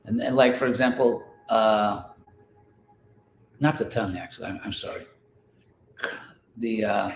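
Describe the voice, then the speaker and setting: A man's voice: mid-range voice, fairly even intonation, normal speed. A man teaching a study class in an informal spoken lecture, explaining with examples, restarting phrases and sounding out syllables aloud. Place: class in a room, with listeners present. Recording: echoey room with faint ambient noise.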